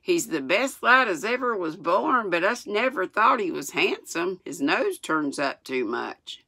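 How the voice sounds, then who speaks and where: A woman's voice: on the low side, big pitch swings, a little slow, bright, forceful tone, husky, no echo, full character voice. A woman voicing a cheerful young Yorkshire maid who talks in homely, plainspoken dialect. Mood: chatty.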